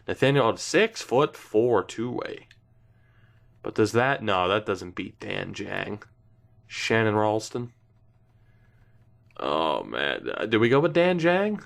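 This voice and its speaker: A man's voice: on the low side, vocal fry. A young man giving casual, indecisive gameplay commentary, talking to himself and swearing now and then. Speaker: gaming YouTuber.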